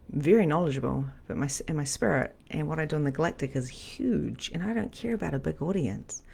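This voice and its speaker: A middle-aged woman, a medium and spiritual coach, teaching on a live stream in a chatty, animated, repetitive way. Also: low-pitched, creaky.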